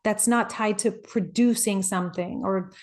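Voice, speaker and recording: A woman's voice: medium pitch, steady tone, moderate pace. Earnest woman coach, reflective talk. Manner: earnest and personal, with soft laughs. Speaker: life coach.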